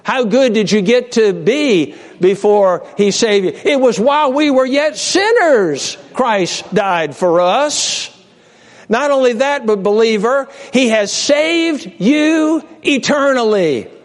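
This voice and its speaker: High-voiced impassioned male preacher. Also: lively intonation, takes it slowly. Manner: impassioned, pitch swinging from high cries to low hushed storytelling; repeats and restarts words, direct address to listeners. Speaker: pastor. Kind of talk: sermon.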